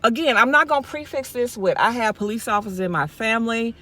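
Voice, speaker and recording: A woman's voice: on the high side, quick pace, pushed and bright. A woman from Mississippi, talking straight to her viewers in a casual vlog, impassioned and repeating herself as she goes, speaking from her car. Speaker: YouTube vlogger.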